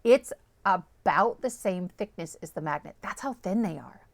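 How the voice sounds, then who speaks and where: A woman's voice: on the low side, lively intonation, normal speed, gravelly, dry recording. A woman host walking viewers through a card-making project, chatty and upbeat, often checking in with "okay?" and "right?". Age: adult, parent of small children. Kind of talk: step-by-step crafting tutorial.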